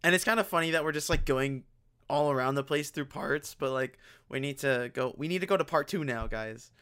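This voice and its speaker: A man's voice: on the high side, a little fast, smooth. A young man co-hosting a podcast in casual chat, telling stories animatedly and acting out the scenes. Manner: animated storyteller who acts out scenes. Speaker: podcast co-host.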